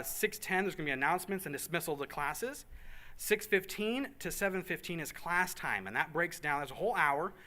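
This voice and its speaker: In a meeting room full of volunteers, a church program organizer runs a relaxed, jokey planning briefing. His voice is bright and forceful, pitched fairly high. The mood stays upbeat as he fires off quick asides and repeats things.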